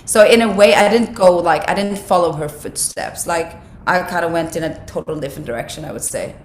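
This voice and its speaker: Raspy-voiced woman, low and roomy. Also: fairly quick. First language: not English. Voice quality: raspy, husky, slightly broken voice. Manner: reflective, many "like" fillers, restarts. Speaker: actress, interview guest. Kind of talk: casual interview talk. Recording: roomy sound with faint background ambience.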